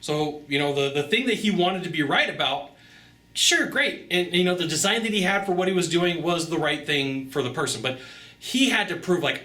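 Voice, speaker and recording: A sales coach giving casual, energetic tips straight to camera, chatty and repeating phrases for emphasis. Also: male voice, a little high, moderate pace. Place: Sacramento, California. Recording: roomy echo.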